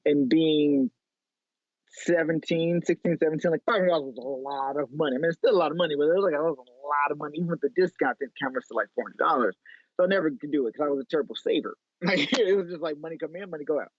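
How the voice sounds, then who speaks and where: A man's voice: on the high side, fast talker, no room sound. Chatty chicago guy on a remote call, tinny phone sound, dry, mid voice. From Chicago, USA. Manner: animated, chatty, lots of "like". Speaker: guest photo editor. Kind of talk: casual interview storytelling.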